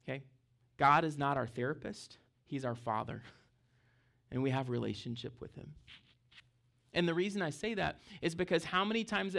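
A man's voice: a little high, gravelly. A man, a pastor, preaching a conversational sermon, checking in with the congregation and laughing between points. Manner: conversational preaching with frequent "okay?" check-ins.

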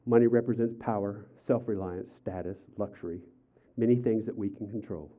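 Older man, pastor, sermon, animated storytelling, acted quotes, tinny phone-like audio. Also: on the low side, fairly quick. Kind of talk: sermon with personal stories.

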